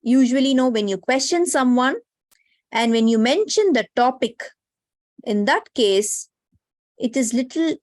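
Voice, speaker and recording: Woman, Indian English accent, language teacher, higher voice, dry sound, explanatory. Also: expressive, unhurried, pauses often, a little mellow, no echo. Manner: explanatory, often tags sentences with "no?" and "right?". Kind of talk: online class lecture. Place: online class.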